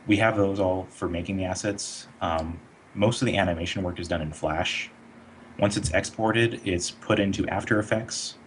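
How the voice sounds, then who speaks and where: A man working as an animator, answering questions in a casual online interview in a relaxed, explanatory way with many fillers. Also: low-pitched, normal speed, a little hiss or hum.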